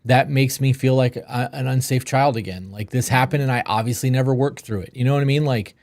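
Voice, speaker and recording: A man's voice: mid-range voice, a little fast, darkish tone, no room sound. Man, podcast co-host, frank, casual swearing, dry close mic. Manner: frank, swears casually, reads viewer questions. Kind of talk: casual live podcast chat.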